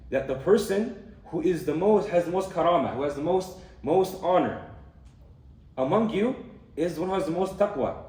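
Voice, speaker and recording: Fast-talking young man in an echoey room. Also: fairly high pitch, warm tone, distant mic. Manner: conversational, explaining with many fillers and Arabic terms. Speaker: student speaker on hadith. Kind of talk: casual religious talk.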